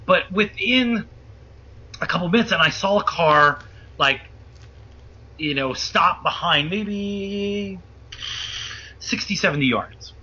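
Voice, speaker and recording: High, tense husky man telling a story. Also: slow pace, pauses often. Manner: animated, profane, acts out quoted voices. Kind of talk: animated casual storytelling. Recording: muffled lo-fi audio.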